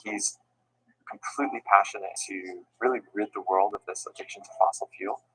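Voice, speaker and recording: A man speaks earnestly in an interview. His voice is very low and husky, recorded close and dry. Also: steady tone, fairly quick, sharp tone, dry recording, low-quality recording.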